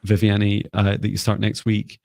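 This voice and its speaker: A man hosting a live psychic reading, speaking gently and calmly with frequent ums. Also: lowish voice, normal speed, creaky, no echo, clean studio sound. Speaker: psychic mentor, co-host.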